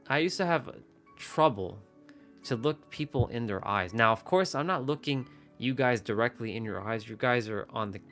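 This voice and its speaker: With a medium-pitched, fairly bright voice, a man hosts a live stream, talking casually into a phone or webcam mic facing the camera. He rambles and keeps restarting his sentences.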